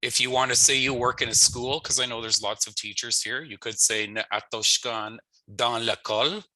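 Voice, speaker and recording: A man teaching an online language lesson, slowly and patiently repeating phrases for his learners, with friendly joking asides. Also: medium pitch, steady tone, sharp tone, dry recording, rough recording. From Canada.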